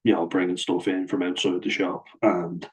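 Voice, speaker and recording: A man's voice: low voice, flat delivery, moderate pace, low-quality recording. Blunt, sweary man. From Ireland. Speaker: vlogger. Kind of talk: casual storytelling to camera.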